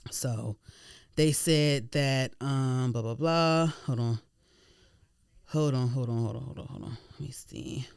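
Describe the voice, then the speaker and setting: A woman hosting a podcast in casual chat, animated and slangy, swearing freely. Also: a bass voice, slow, creaky, clear, resonant tone, dry recording, clean studio sound. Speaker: podcast host.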